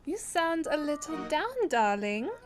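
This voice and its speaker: A woman's voice: high voice, sing-song, a little slow, over music. A woman voicing a snobbish female troll artiste with a put-on French accent, drawling and self-important in a live fan dub. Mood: smug. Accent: attempted French.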